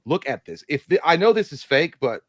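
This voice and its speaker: A man's voice: a little high, sing-song, brisk, no echo. A man co-hosting a casual movie livestream, rambling and joking, sometimes reading an article aloud over a video call. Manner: rambling, jokey, reads news aloud. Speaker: podcast co-host.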